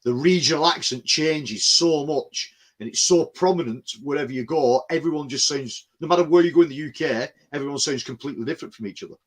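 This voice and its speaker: A man's voice: a little high, brisk, few pauses. A man from England, chatting casually as a podcast host, rambling with lots of restarts. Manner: rambling, many restarts and "you know what I mean". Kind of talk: casual chat.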